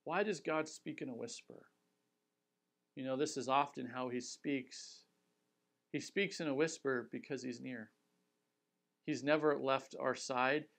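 A male pastor preaching a sermon, talking straight to his listeners and dropping quiet for emphasis. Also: medium pitch, a little slow, creaky, long pauses. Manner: earnest, direct address with dramatic quiet drops.

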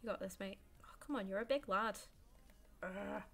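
Woman, 20s, streamer; chatty, self-mocking, swears freely, laughs a lot, mid-pitched voice. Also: normal speed, creaky, a bit bright. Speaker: gaming streamer. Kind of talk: casual live gameplay commentary.

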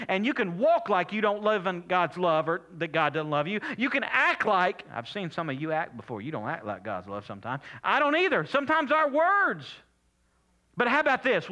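An older man preaching a sermon as pastor, reading scripture and repeating words for emphasis, rising loud and high, then dropping to soft hushed asides.

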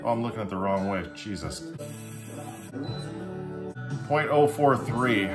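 A man's voice: lowish voice, lively intonation, unhurried, over music. A young man hosting a casual vlog, talking to the camera in a chatty, upbeat, joking way. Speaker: vlogger testing drinks on a breathalyzer.

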